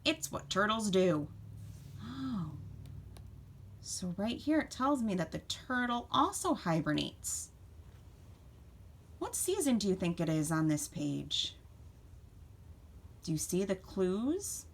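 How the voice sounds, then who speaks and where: A woman teacher reads a picture book aloud for children with a very lively, sing-song pitch. She stops now and then to ask the children questions about what they see. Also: slow pace, vocal fry, pauses often. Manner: expressive, asks children questions. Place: home.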